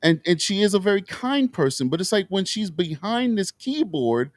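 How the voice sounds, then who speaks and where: Impassioned, profane talk show host. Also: male voice, high voice, very animated, normal speed, no room sound, clean studio sound. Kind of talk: heated political talk show.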